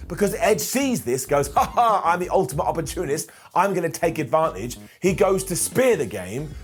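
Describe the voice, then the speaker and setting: Animated man reviewing wrestling. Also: a little high. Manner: animated, jokey, quoting wrestlers in asides. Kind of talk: retro wrestling review voice-over.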